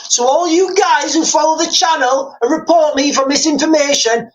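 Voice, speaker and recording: A man's voice: extremely high pitch, a bit bright, low-quality recording. A man hosting a live commentary stream. He talks urgently and informally, repeats his points and keeps calling his viewers "guys".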